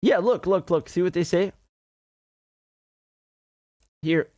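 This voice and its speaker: A man's voice: high voice, fairly quick, warm tone, dry recording, studio quality. Chatty man laughing over a map. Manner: chatty, laughs often, mixes Arabic and English. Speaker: show host. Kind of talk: casual livestream commentary.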